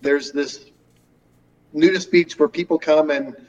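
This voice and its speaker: A man who is a podcast guest and chats with dry, teasing humor. His voice is slightly high. It comes across distant and dull, as if picked up from far off the mic. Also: fairly even intonation, a little slow, darkish tone. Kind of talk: casual interview chat.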